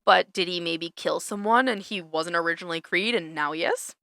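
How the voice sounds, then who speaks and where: A woman's voice: lowish voice, fairly quick, sharp tone, dry recording, clean studio sound. A young woman co-hosting a podcast in a laid-back, casual chat, swearing and laughing easily. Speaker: podcast co-host.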